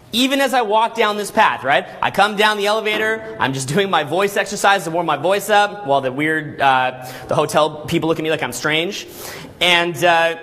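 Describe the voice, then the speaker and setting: A man coaching a live seminar in a hotel room, animated and laughing often as he acts out voices. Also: sits high. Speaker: dating coach running seminars.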